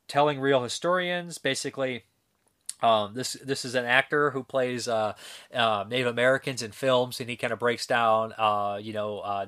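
Man host, relaxed unscripted film review, rambling and chatty, mid-range voice. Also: medium pitch, clear, resonant tone. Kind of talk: casual spoken film review.

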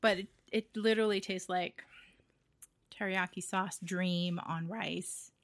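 A woman's voice: fairly low pitch, steady tone, unhurried, dry recording. A woman from Hawaii co-hosting a casual chat, talking freely with fillers and frequent laughter. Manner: chatty, laughs often, trails off with fillers. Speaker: podcast co-host.

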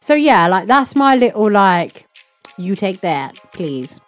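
A woman's voice: mid-range voice, sing-song, slow, faint music behind. A young woman co-hosting a podcast in casual chat, talkative, laughing often and stretching words for emphasis. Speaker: podcast co-host.

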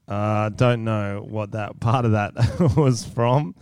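A man's voice: on the low side, slow pace, darkish tone, clear, resonant tone, no echo, studio quality. A man co-hosting a comedy podcast, joking crudely and laughing often. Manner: giggly, teasing, jokey. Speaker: podcast co-host.

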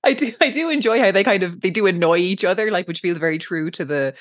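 A woman's voice: fairly low pitch, fast talker, no echo, studio quality. A woman co-hosting a casual recap podcast, laughing often and acting out characters' lines. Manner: giggly, animated, acts out quotes. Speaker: podcast co-host.

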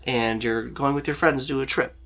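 A man's voice: mid-range voice, steady tone, moderate pace, fairly bright tone. A man narrating a tabletop role-playing game as game master, in a loose storytelling way with lots of fillers.

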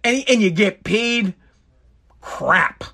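A man's voice: high voice, slow, creaky. A man delivering a heated, profane comedic rant as a show host. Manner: profane, heated, animated ranting.

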